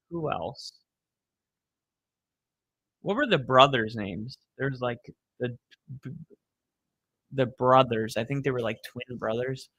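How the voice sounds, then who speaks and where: Young guy streaming, slow drawl, bright voice, swears a lot, chatting w/ viewers. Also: medium pitch, dry recording. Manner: rambling, swears, reads chat aloud. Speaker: live streamer. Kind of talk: casual chat with viewers.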